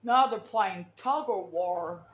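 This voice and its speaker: A woman's voice: mid-range voice, takes it slowly, reverberant. A woman filming her dogs at home, coaxing and scolding them between commands. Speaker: dog owner filming her pets. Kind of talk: casual home vlog narration. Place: home, near a kitchen.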